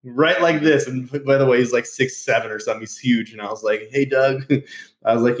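A man being interviewed about his business, telling lively stories, acting out quotes and laughing often. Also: mid-range voice, brisk. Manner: animated storyteller, laughs often, acts out quotes. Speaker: podcast guest, entrepreneur. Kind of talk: casual interview storytelling. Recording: roomy echo.

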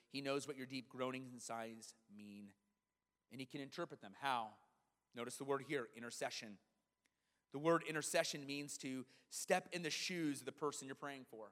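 Animated man preaching in a reverberant hall. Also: fairly high pitch. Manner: conversational, animated storytelling. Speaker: pastor. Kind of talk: sermon. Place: church sanctuary.

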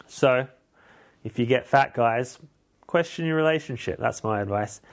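A man, a podcast host, rambling through a comic film recap in a deadpan, sweary way. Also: medium pitch, unhurried.

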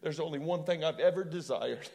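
Impassioned, gravelly male preacher. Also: on the high side, a little fast, darkish tone. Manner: impassioned storytelling, rhetorical questions. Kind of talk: sermon.

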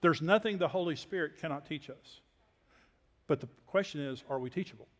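An older man from Texas, a preacher telling personal stories in a sermon with folksy, self-deprecating humor and quiet asides. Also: a little high, a little fast. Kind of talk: sermon storytelling. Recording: long hall reverb.

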